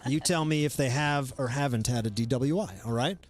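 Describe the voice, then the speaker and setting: A man's voice: mid-range voice, brisk, darkish tone, faint music behind. A man hosting a comedy live stream, chatting casually and rambling with lots of fillers and restarts. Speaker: comedy show host.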